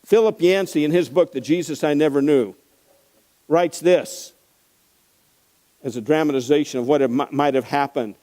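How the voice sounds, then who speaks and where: A male pastor preaching a conversational sermon that swings between hushed, grave moments and impassioned emphasis. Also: fairly high pitch, moderate pace, pauses often, long reverb tail, poor audio.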